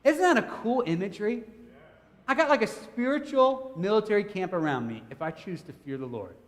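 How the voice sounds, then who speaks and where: A man's voice: sits high, fairly quick. A man preaching a sermon, telling a personal story with humor and speaking directly to his congregation. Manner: animated, humorous, chatty storyteller who addresses the congregation. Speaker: pastor. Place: church hall. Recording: long hall reverb, church sanctuary.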